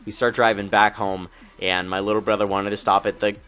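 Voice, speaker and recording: A man's voice: lowish voice, flat delivery, fairly quick, fairly bright tone, soft background music. A young man animatedly telling a frustrating driving story, ranting with lots of fillers. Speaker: youtuber. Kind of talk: storytelling over gameplay.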